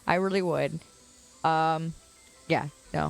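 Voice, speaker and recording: Sitting on a quiet suburban curb outside, a young Chicago-area woman talks casually with her livestream audience, answering comments and laughing a lot. She speaks a little slowly in a low-pitched, gravelly voice, pausing often.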